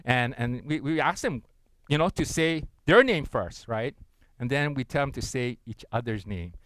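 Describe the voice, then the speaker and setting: A man's voice: mid-range voice, animated, normal speed, fairly bright tone, dry recording. Earnest male pastor preaching interactively. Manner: interactive, leads congregation in unison reading; frequent tag questions, earnest and encouraging. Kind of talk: sermon.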